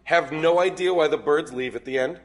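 A man co-hosting a live comedy chat about a movie, animated and joking. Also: fairly high pitch, brisk, very noisy. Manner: animated, joking, acts out lines. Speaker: co-host. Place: stage with a live audience.

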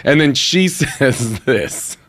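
A man's voice: medium pitch, lively intonation, slow, a bit bright, no room sound. A man hosting a casual comedic podcast chat, recapping a film and joking. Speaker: host.

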